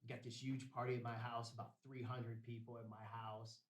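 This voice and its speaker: A man's voice: medium pitch, little pitch movement, brisk. A man, a podcast guest, telling a story in a casual, rambling, profane way with streetwise slang. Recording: roomy, distant mic.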